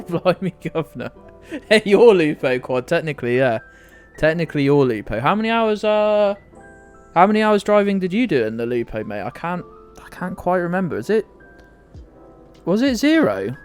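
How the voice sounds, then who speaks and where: A man's voice: fairly high pitch, very animated, moderate pace, smooth, soft background music. A man streaming a guessing game, rambling and self-deprecating, with plenty of swearing. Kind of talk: live-stream commentary.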